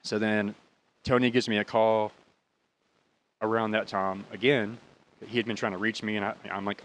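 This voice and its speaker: A man in his thirties hosting a podcast, telling a personal story in a rambling, profane, heated way. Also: lowish voice. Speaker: podcast host. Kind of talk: casual storytelling.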